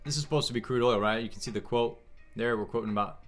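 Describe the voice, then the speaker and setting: A man hosting a casual trading livestream, thinking aloud in a halting way and answering chat questions. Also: medium pitch, fairly bright tone, soft background music.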